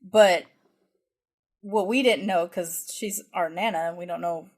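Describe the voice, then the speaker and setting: A woman's voice: on the low side, measured pace. An American woman co-hosting a podcast, telling a family story in a rambling, reflective, self-correcting way. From United States. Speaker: podcast co-host. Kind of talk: casual conversational chat.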